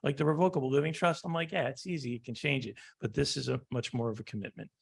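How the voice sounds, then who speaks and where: Gravelly-voiced man telling client stories. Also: mid-range voice, quick pace. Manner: animated storyteller acting out client dialogue. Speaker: estate planning attorney. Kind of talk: conference presentation with war stories.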